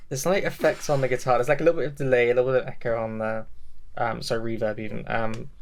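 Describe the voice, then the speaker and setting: A young man with a gravelly edge to his voice and a middle pitch chats casually on a podcast. He rambles enthusiastically and pokes fun at himself as he goes. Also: flat delivery, quick pace. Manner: rambling, enthusiastic, self-mocking. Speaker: podcast co-host.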